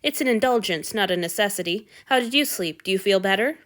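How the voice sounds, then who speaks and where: A woman's voice: mid-range voice, lively intonation, brisk, a bit bright, close to an everyday voice. A woman voicing a brusque but caring male god in a fan fiction reading, with a blunt, curt, exasperated way of talking. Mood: dry.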